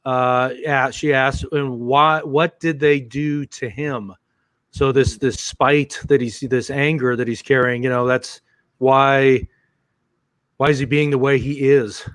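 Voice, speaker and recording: A man's voice: medium pitch, steady tone, slow pace, fairly bright tone, clear, resonant tone, dry recording. A male co-host on a live paranormal show, passing on viewer questions with some hesitation. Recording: dry audio.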